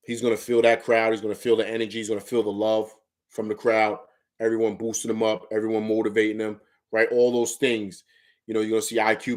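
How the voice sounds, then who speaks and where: Emphatic man hosting live sports talk. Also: fairly low pitch. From Harlem, New York. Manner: emphatic, repeats phrases, coaching tone. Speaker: sports talk show host.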